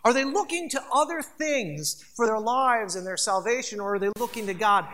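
Emphatic bright-voiced pastor preaching. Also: medium pitch, animated, moderate pace. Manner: emphatic and conversational, repeating phrases for stress; addresses the congregation directly. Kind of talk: sermon.

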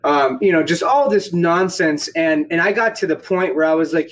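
A man's voice: fairly high pitch, moderate pace, hardly any pauses, rough recording. A man casually telling a rambling, profane story about getting shot at an airsoft game. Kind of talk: casual podcast chat.

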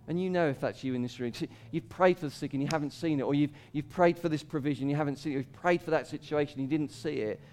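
This pastor's sermon is easygoing and laced with laughter, his voice rising on quoted cries and falling hushed for scripture passages. He talks fast and barely pauses.

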